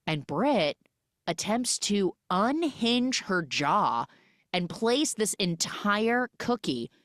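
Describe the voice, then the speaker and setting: A woman hosting a podcast, recapping a film in a sarcastic, animated way. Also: medium pitch, slow pace, no echo, studio quality. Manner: sarcastic, animated, mimics characters in exaggerated voices. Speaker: podcast host.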